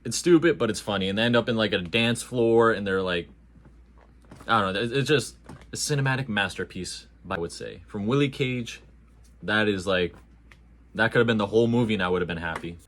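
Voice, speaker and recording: A man with a fairly low voice reviews a movie in a loose, casual way. He talks with lively energy, full of slang and jokes. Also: fairly quick. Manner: animated, slangy and jokey.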